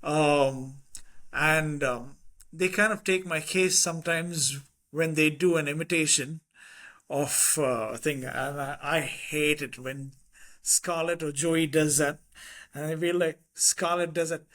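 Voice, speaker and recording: Podcast guest: middle-aged man, Indian English accent, slightly high voice, lively anecdotal delivery. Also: slow. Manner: animated anecdotes with quoted voices and laughter. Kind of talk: casual conversational storytelling.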